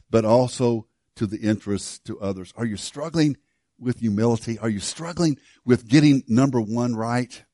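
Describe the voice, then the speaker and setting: A man's voice: medium pitch, no echo. Earnest man preaching, dry sound. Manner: earnest storytelling with frequent restarts, dropping to hushed emphasis. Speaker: pastor. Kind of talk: sermon.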